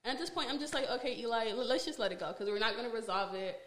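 A woman podcast host telling a personal story in a casual, animated way, exasperated and full of fillers. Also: fairly high pitch, rapid-fire.

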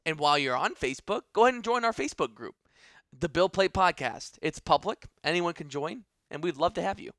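A man's voice: a little high, lively intonation, brisk, fairly bright tone, dry recording. A man co-hosting a casual podcast, upbeat and teasing, on a close mic. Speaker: podcast co-host.

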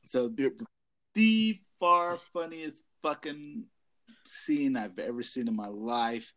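Man, podcast co-host, mid-pitch voice; swears heavily, retells film scenes with giggles. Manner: heavy swearing, giggly animated storytelling. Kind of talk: casual chat.

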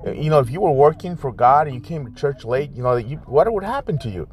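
A man's voice: mid-range voice, animated, brisk, a little mellow. A male pastor giving a morning devotional message from his car, exhorting listeners with short repeated urgings. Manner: exhorting, repetitive, direct address.

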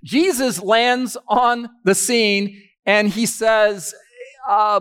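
A man's voice: high voice, steady tone, drawn-out words, fairly bright tone, smooth. A man preaching a sermon to a live audience, teaching step by step and asking them questions as he goes.

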